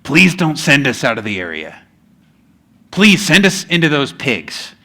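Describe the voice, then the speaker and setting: Guy doing a low gravelly possessed man begging, bright edge to it. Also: very animated, a little slow, full character voice. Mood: pleading. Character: gravelly demon-possessed man, desperate and pleading.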